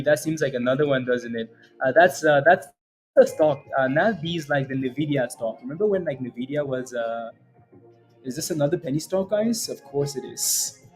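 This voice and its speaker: A man's voice: fairly high pitch, normal speed, faint music behind. A man hosting a live day-trading stream, chatting and joking over stock charts and tagging "right?" onto many lines. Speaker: day trading livestream host.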